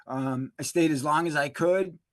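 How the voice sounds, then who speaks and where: A man telling his recovery story in a halting, emotional way, full of fillers and restarts. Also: on the high side, no room sound. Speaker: interview guest, recovery specialist. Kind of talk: emotional personal testimony.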